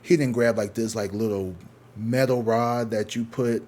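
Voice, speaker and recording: A man with a St. Louis accent telling a swearing-heavy story, casual and animated, acting out what other people said. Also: on the low side, normal speed. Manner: profane, animated, acts out other people's lines. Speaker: tarot reader telling a story.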